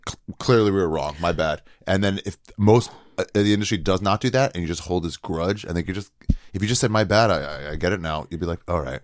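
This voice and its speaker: Deep-voiced, wry male comedian. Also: fast talker, no room sound, studio quality. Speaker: stand-up comedian. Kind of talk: casual podcast chat.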